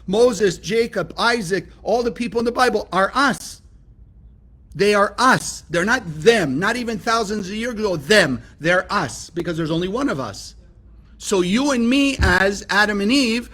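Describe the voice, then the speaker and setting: A man's voice: sits high, a bit bright. A man from California teaching a spiritual lesson, emphatic and often asking his listeners rhetorical questions. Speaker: Kabbalah teacher.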